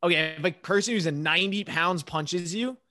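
A man's voice: high-pitched, a little fast, pushed and bright. Argumentative man debating on a podcast. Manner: argumentative, insistent. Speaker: podcast co-host. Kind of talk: casual chat.

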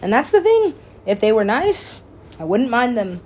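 A woman's voice: on the high side, sing-song, normal speed, a little mellow, slight background noise. A woman, a musician and DJ, telling a rambling personal story in casual talk, swearing freely and laughing often.

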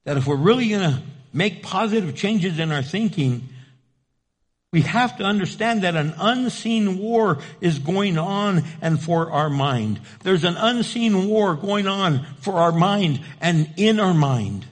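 Man, preacher, sermon, high voice, emphatic, repetitive, rhetorical questions. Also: expressive, a little slow. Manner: emphatic, repeats key phrases, asks rhetorical questions.

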